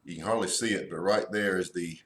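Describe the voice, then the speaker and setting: A man reviewing a cigar in a slow, halting way with many fillers. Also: deep voice, fairly bright tone, roomy sound. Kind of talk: casual review.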